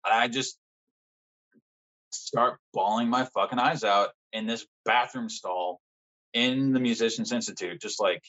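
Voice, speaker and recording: Frank, low-voiced man telling his story. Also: fairly bright tone, highs cut off. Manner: frank, swears often, halting with fillers. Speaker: podcast guest. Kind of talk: candid conversational storytelling.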